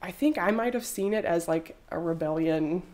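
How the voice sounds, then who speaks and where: A woman's voice: lowish voice, moderate pace, darkish tone. A woman in her thirties, a textile artist, chatting casually in an interview and rambling with lots of fillers.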